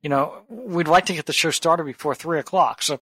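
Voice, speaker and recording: A man's voice: on the high side, fairly quick, very noisy. A man hosting a podcast in casual chat, teasing his co-host with wisecracks.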